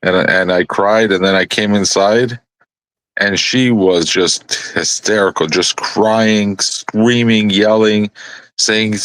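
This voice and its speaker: A man's voice: on the low side, takes it slowly, fairly bright tone, no echo. A man telling a rambling, profane story in a casual live panel chat.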